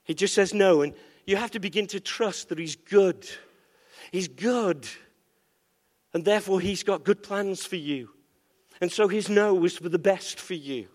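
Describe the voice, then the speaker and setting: A pastor delivers a lively sermon, teasing his congregation and asking them for amens. His voice sits high for a man. The sound carries the long reverb of a large church hall. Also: unhurried. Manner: animated, playful, call-and-response.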